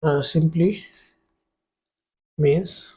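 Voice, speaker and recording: Male tutor, high for a man, very unhurried, explaining grammar slowly as he writes on a board. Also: steady tone, warm tone, slightly rough. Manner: explains step by step while writing on a board; spells words out letter by letter. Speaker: French tutor. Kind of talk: exam-prep grammar lesson.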